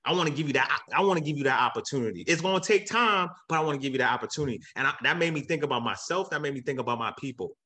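Casting: man, real estate guest speaker, fired-up motivational preacher energy, bright forceful tone. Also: mid-range voice, expressive, very fast, hardly any pauses. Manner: hyped, repetitive, cheering on donors; earnest and emotional when preaching. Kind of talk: motivational livestream talk.

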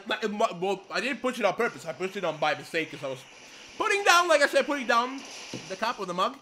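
A young man giving casual commentary while playing a video game, excitable and swearing, with many apologies. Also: high-pitched, quick pace, a little hiss or hum. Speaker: let's play gamer. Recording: game music behind the voice. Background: faint game music.

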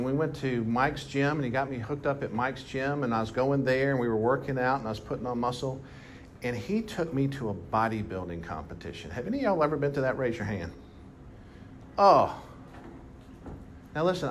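A man preaching a sermon to a congregation, telling a story with animated emphasis. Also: medium pitch, slight background noise. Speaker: pastor. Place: church hall with congregation.

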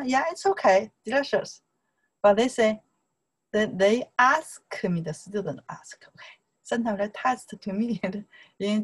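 A woman from China teaching a Mandarin lesson, drilling words slowly in a chatty manner, with a Chinese accent in her English. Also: mid-range voice, husky, low-quality recording. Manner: slow, repetitive drilling with broken English asides.

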